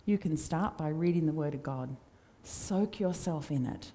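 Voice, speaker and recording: Woman preacher, lowish mellow voice, chatty storytelling sermon. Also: moderate pace. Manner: conversational, warm storytelling with acted quotes. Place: church.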